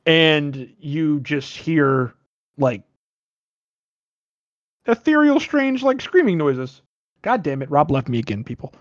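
A high-voiced man hosts a casual movie review podcast, rambling and making self-deprecating jokes. His voice is dry and close, on a dull lo-fi recording. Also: very animated, slow pace, long pauses, no echo. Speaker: podcast host.

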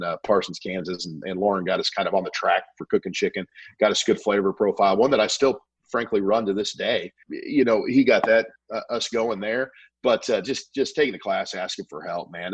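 A man tells stories at a fast clip, often tripping over and restarting his words. His voice sits low and a little husky. It is recorded close and dry. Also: no room sound, poor audio. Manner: rambling, repeats words, quick restarts. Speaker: podcast guest, barbecue pitmaster. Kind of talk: casual storytelling chat.

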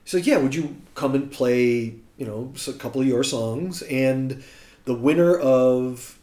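With a medium-pitched voice and a slightly slow pace, this American guest musician recounts a casual story. He brings quoted people to life by acting them out, and there's a roomy echo to the sound.

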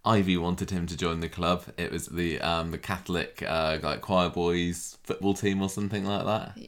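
A man's voice: low-pitched, fairly even intonation, normal speed, a bit bright. A man co-hosting a podcast in casual chat, joking and laughing often. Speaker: podcast co-host.

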